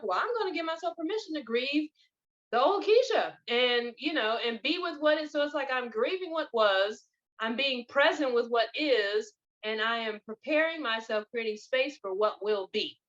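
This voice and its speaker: Woman host chatting about spiritual stuff, bright lively storytelling, kinda muffled lo-fi sound. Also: high voice, moderate pace. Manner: animated, expressive storyteller. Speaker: podcast host. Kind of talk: casual spiritual chat. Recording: dull lo-fi recording.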